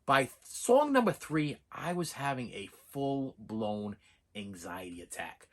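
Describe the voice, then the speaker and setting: Slow and mid-range in voice, a middle-aged movie-collector vlogger delivers a long, meandering personal story to camera. The casual monologue is animated but repetitive, with sentences often started over.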